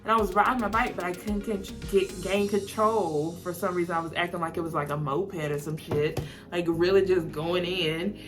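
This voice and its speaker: Over background music, a young Southern American woman chats through a get-to-know-me vlog, peppering her rambling with "like" and frequent laughter. She speaks at a normal speed in a lowish voice with fairly even intonation.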